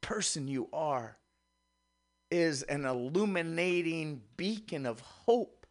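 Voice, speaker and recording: A man hosting a radio show, delivering an impassioned, preacher-style monologue that swings from hushed murmurs to rising exclamations, a little out of breath. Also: on the high side, lively intonation, slow. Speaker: radio host.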